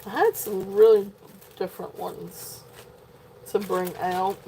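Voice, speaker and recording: Slow, mellow woman with a southern twang. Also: mid-range voice, fairly even intonation, slight background noise. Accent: southern Virginia twang. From Virginia, US. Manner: rambling, filler-heavy, giggly asides. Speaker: jewelry sale host. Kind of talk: live-stream sales chat. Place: home, shop setting.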